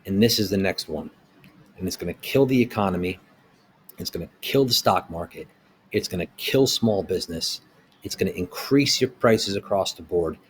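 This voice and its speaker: A man's voice: deep voice, expressive, normal speed, slight background noise. Heated, blunt man ranting. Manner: blunt and heated, asking rhetorical questions. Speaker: small business owner. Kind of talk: opinion rant to camera.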